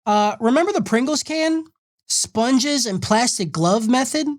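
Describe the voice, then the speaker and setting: A man's voice: very high voice, animated, a little slow. A man hosting a casual podcast, reading listener comments and telling stories with lots of swearing and laughter. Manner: profane, laughing storyteller.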